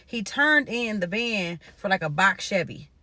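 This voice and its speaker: A woman's voice: medium pitch, expressive, unhurried, bright, forceful tone, no room sound. A woman from Nebraska telling a story in a loose, profane, casual style and talking straight to her viewers. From Omaha, Nebraska.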